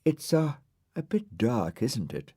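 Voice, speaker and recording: A man's voice: lowish voice, big pitch swings, normal speed, darkish tone, no room sound, studio quality. A man voicing a sweet, vain female star in a storybook, genteel and affected.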